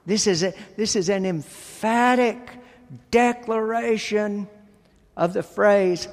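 A man preaching a sermon as pastor, speaking deliberately and with emphasis, pausing between phrases. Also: high-pitched, big-room sound.

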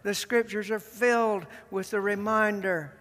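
A man preaching a sermon to his congregation, deliberate and emphatic, repeating key words with long pauses. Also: high voice, steady tone, fairly bright tone. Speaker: pastor. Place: church sanctuary. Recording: long reverb of a large church.

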